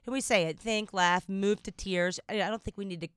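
Woman co-host, Southern US accent, lively and laughing, close dry sound. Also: mid-range voice, a little fast, clean tone, dry recording. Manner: animated, laughs often, exaggerated Southern accent. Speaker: podcast co-host. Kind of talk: casual chat.

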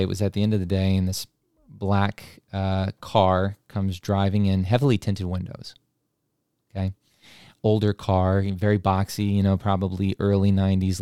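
A man telling a story in a relaxed, casual way and chuckling now and then at his own tale. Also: deep voice, clear, resonant tone, no echo, clean studio sound.

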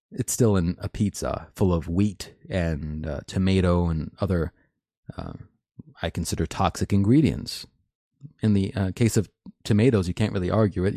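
A man's voice: low voice, mellow, no echo, studio quality. A man hosting a live stream, reading and commenting on news articles in an opinionated, rambling way, laughing often.

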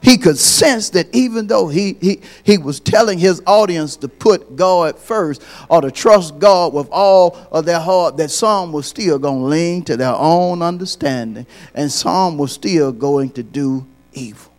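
A man preaching a sermon as pastor, repeating his points and building from quiet lines to loud, high, shouted peaks. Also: unhurried, hardly any pauses.

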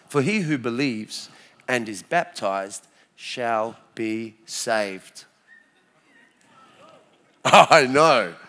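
A man in his forties with an Australian accent, telling his faith story to a church crowd in a lively, storytelling way. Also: fairly high pitch. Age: 40s. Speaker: speaker sharing his testimony. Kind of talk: church testimony talk.

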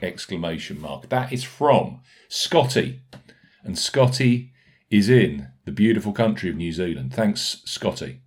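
Brisk, jokey low-voiced male podcast host. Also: animated. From United Kingdom. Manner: brisk, jokey, reads out sponsor notes and listener reviews. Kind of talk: casual podcast chat.

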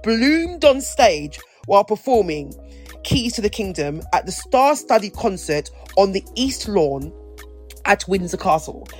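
A podcast co-host speaks in a sing-song, mid-range voice, a little slowly, with faint music behind. Her casual talk is playful and rambling, and she often begins sentences again.

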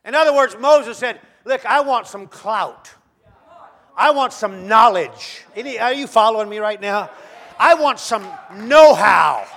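A high-voiced man delivering a sermon. He swings from hushed, measured lines to loud, shouted peaks. He acts out the voices of the figures he quotes. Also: lively intonation, creaky. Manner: dramatic, swinging from soft to shouting. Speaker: preacher.

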